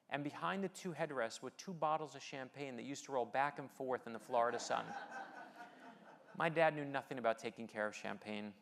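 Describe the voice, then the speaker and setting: A middle-aged American man, a keynote speaker and novelist, gives a motivational speech in a fairly high, fairly bright voice. He tells personal stories with light humor and rallies his audience.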